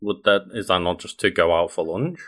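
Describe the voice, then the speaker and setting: Male co-host with a lowish, bright voice; curious, hedging casual chat. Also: a little fast. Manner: asks questions, hedges with "I mean". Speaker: podcast co-host.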